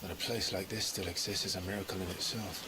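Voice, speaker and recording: Man playing a deep-voiced brooding young outlaw, quiet and measured, heavy background noise. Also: steady tone, natural voice. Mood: solemn. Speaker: game character. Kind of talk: video game voice acting.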